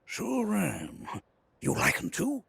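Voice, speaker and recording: A gravelly old ex-racer mechanic. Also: male voice, high-pitched, takes it slowly, dry recording, exaggerated voice. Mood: friendly. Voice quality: gravelly, husky. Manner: bursts into shouting excitement and laughter. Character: excitable older male mechanic, ex-racer. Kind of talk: video game dialogue.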